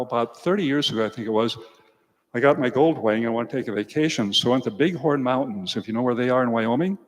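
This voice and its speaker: An older priest gives a homily in a church with a long reverb. He tells stories from farm life in a relaxed, folksy way and speaks to the children at mid pitch. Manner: folksy storytelling, talks to children.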